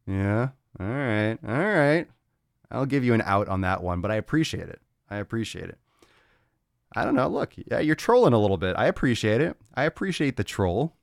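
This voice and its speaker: A man hosting a casual solo podcast, loud, laughing and profane, talking on a close mic. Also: on the low side, gravelly, no echo. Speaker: podcast host.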